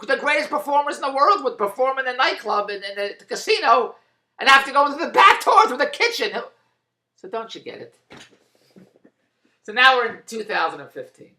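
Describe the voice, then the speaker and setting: A man's voice: high voice, bright, forceful tone, roomy sound. A man delivering a rambling, indignant opinion monologue, repeating himself. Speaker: commentator.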